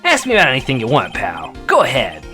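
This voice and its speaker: Woman doing a gruff male detective, low drawl, friendly, game fan dub. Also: wildly swooping pitch, fast, a bit bright, faint music behind, exaggerated voice. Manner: low, drawling, clipped "pal" endings.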